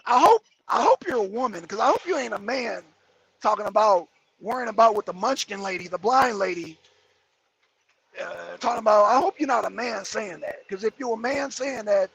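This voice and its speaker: A man's voice: high-pitched, expressive, moderate pace, gravelly, fairly bright tone, husky, no room sound. A man hosting a live commentary stream, reading viewer comments aloud and ranting about them with lots of swearing. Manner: heated, profane, repeats and mocks viewer comments. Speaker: YouTube commentator.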